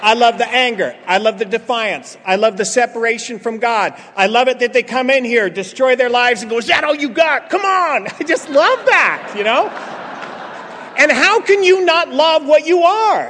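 Joking with the crowd, a middle-aged man gives a funny recovery talk in a meeting hall, acting out bits of dialogue as he tells stories. His voice is very high and a bit bright. The hall is reverberant, with slight background noise and audience laughter.

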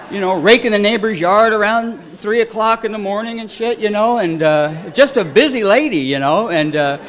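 A middle-aged man sharing his recovery story at a meeting, rambling and self-deprecating, filling every pause with "you know.". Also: sits high, animated, a bit bright, slight background noise. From Detroit, raised in California. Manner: wry, self-deprecating humor. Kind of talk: AA share, storytelling.

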